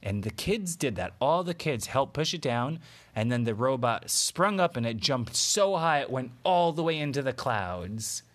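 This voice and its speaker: A man telling an improvised bedtime story to a child, in a gentle way with pauses and fillers. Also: medium pitch, big pitch swings.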